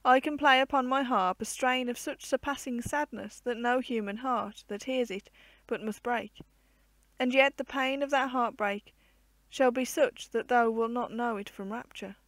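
A woman's voice: on the high side, dry recording, natural voice. A woman voicing a pleading male water spirit who plays the harp and longs for a human soul, in earnest old-fashioned storybook speech.

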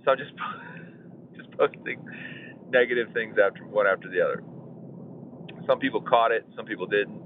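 A man's voice: on the low side, normal speed, pauses often. A man in his forties hosting a podcast, chatting casually and rambling with fillers and chuckles. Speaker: podcast host. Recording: tinny phone line, faint noise.

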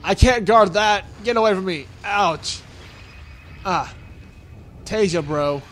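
Over a slight hiss or hum, a young man with a high-pitched, fairly bright voice slowly narrates his gameplay as a let's-play gamer. His commentary is casual and goofy, full of yelps and grunts when hit and jokey remarks aimed at enemies.

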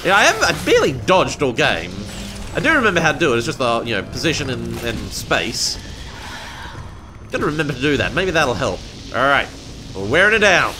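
A man giving casual, excitable commentary as he plays a video game, talking to himself as he goes. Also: medium pitch, fairly quick. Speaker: gameplay streamer. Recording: game music behind.

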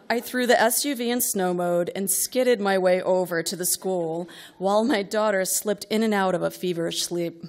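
A woman's voice: medium pitch, a little mellow. A middle-aged woman reading a comic personal story aloud to a live audience, wry and exasperated, building to outbursts.

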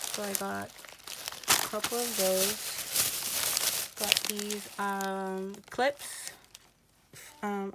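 A woman vlogger with a mid-range, creaky voice is losing her voice as she casually shows off craft items and their prices, using many fillers in a haul show-and-tell. A child sings behind her, and loud background noise fills the recording.

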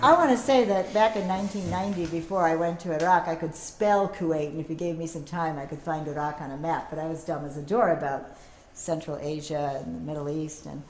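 A middle-aged woman giving a teach-in as an activist, telling lively anecdotes and acting out the voices of people she quotes. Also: low voice, brisk. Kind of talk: public talk with storytelling. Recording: echoey room, faint background noise.

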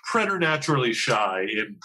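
A man's voice: medium pitch, very animated, moderate pace, very noisy. A man as a podcast guest in casual chat, making wry, self-deprecating jokes.

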